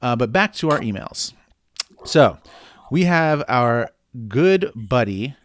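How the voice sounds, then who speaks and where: A man's voice: mid-range voice, big pitch swings, slow. Joking male podcast co-host. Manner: joking, bro-ish banter. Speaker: podcast co-host reading listener email. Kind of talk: casual chat.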